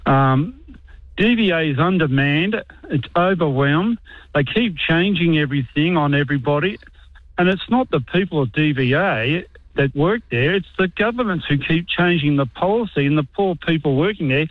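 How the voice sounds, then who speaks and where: An Australian man, an army veteran calling in, halting and frustrated. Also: on the high side, expressive, no echo. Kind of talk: talkback phone call. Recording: tinny phone line.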